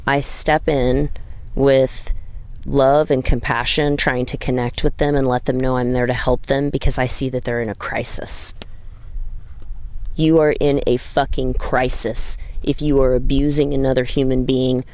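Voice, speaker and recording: Woman vlogger with a low voice, earnest and emphatic personal storytelling to camera. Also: level tone, measured pace. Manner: earnest, emphatic, acts out gentle high-pitched pleas. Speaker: dog trainer and video creator.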